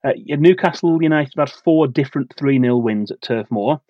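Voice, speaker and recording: A man co-hosting a football podcast, reading out a prepared match preview in a steady, measured way. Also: mid-range voice, dry recording, dull audio. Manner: steady, measured delivery of facts and dates.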